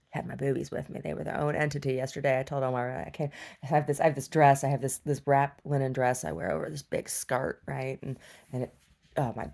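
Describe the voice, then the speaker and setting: A woman's voice: very deep voice, creaky, darkish tone. A middle-aged woman chatting casually and bawdily, laughing often and cooing at her dog. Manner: bawdy, giggly, talks baby-talk to her dog. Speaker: vlogger. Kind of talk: casual chat.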